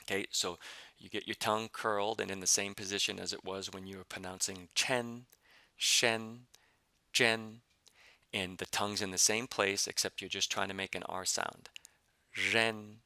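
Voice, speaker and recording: Male teacher, very low voice, gravelly, sharp bright tone, patient step-by-step pronunciation lesson. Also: level tone, dry recording. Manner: patient, explains step by step with many fillers; repeats example syllables slowly. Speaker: language teacher.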